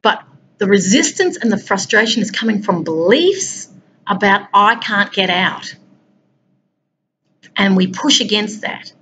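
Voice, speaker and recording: Woman coach, conversational motivational talk, mid-pitched voice, faint background noise. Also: big pitch swings, normal speed, a bit bright, poor audio. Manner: conversational, speaks directly to listeners. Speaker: peace and wellbeing coach.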